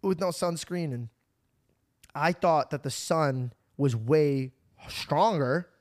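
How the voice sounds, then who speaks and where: Young guy hosting a podcast, kinda high voice, excitable and rambling, running on no sleep. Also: takes it slowly. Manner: excitable, rambling with restarts and laughs. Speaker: podcast host. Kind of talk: casual storytelling chat.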